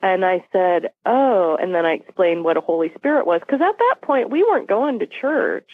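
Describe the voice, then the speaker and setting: Speaking quickly and expressively in a mid-range voice, this woman is a podcast guest bringing a personal story to life and performing the dialogue of the people in it. The audio is a dry, phone-like line without any room sound.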